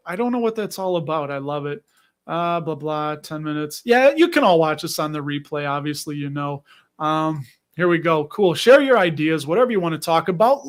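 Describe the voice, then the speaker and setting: A man with a Chicago accent hosting a casual livestream, rambling and chatty, laughing often as he reads comments. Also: high voice. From Chicago area. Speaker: livestream host.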